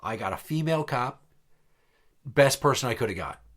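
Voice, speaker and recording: A man's voice: medium pitch, lively intonation, moderate pace, fairly bright tone. A man hosting a podcast, telling a long story in a blunt, profane, exasperated way. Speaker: podcast host. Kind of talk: casual storytelling chat.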